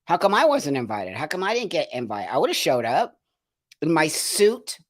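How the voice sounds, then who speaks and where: A man's voice: a little high, huge pitch swings, moderate pace. A man hosting a live stream, talking to viewers and reading their comments in an emphatic, indignant way, repeating phrases for effect. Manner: indignant, ranting. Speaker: host of a live show.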